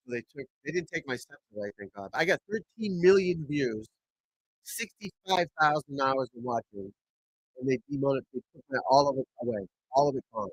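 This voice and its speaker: A man hosting a casual golf livestream, talking loudly, swearing and rambling as he chats with viewers. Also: medium pitch, animated, moderate pace, no room sound, rough recording. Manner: loud, swearing, rambling and frustrated. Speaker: golf pro livestream host. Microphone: desk mic at computer.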